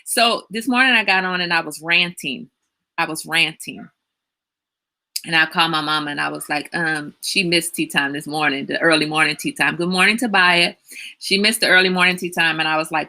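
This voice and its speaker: A woman's voice: deep voice, normal speed, sharp tone. A woman hosting a casual livestream, chatting and telling stories with lots of animation and laughter. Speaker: livestream host. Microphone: webcam or phone on a live stream.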